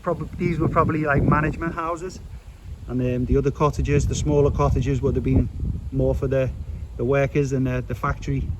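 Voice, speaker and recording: A man's voice: medium pitch, fairly even intonation, a little fast. Chatty man walking outdoors, traffic behind. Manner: chatty, rambling, with fillers. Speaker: vlogger. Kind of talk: casual walking vlog narration. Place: outdoors on a street.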